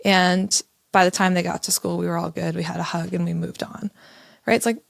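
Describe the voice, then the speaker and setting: A woman in her thirties co-hosting a podcast, telling a candid story in an animated way. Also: on the low side, a little fast, creaky, dry recording, clean studio sound. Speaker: podcast co-host. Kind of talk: casual conversational podcast.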